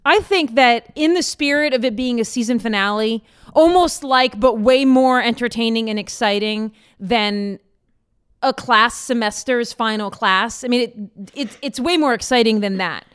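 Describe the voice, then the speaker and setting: A woman's voice: fairly high pitch, normal speed, clean tone. A woman co-hosting a podcast, chatting and teasing her co-host in a playful, casual way.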